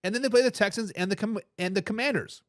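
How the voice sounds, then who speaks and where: A man hosting a live football talk show, casual and animated, throwing in slang and restarting his phrases as he reads out viewer comments. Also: high voice, quick pace, no room sound, clean studio sound. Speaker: sports talk show host.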